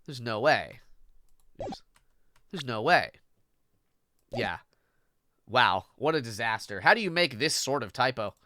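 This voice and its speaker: Streamer, casual and giggly, acts out game dialogue; very animated pitch, bright tone, faint music under. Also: measured pace, pauses often, a little hiss or hum. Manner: playful, giggly, reads character lines with put-on voices. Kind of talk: casual gameplay commentary reading dialogue aloud.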